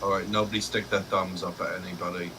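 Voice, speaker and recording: Low-voiced joking game player. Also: male voice, little pitch movement, bright, forceful tone, slight background noise, rough recording. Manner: joking, quick questions. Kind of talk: casual tabletop game chat.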